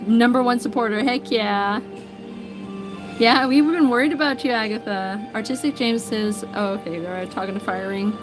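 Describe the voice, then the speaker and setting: This American woman's voice is fairly high and moves at a normal speed as she hosts an art livestream with background music. She's friendly and casual, calling out viewers by name and reading their comments.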